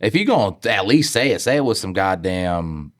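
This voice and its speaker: A man's voice: sits low, sing-song. A man co-hosting a podcast, throwing in crude, mocking jokes during casual chat. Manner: crude, mocking, quick jokey interjections. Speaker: podcast co-host.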